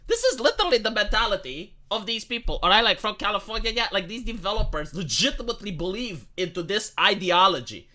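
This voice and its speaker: A man's voice: high-pitched, expressive, fast, hardly any pauses, bright, forceful tone. A man hosting his own commentary channel, delivering a heated, emphatic rant full of swearing and repeated "right?" and "like".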